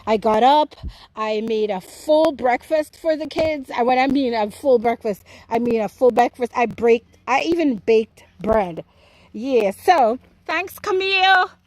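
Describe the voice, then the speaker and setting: A woman's voice: on the high side, unhurried, darkish tone, dry recording, poor audio. A woman with a Jamaican accent giving a chatty, playful tour of her home garden. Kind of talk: casual garden tour vlog.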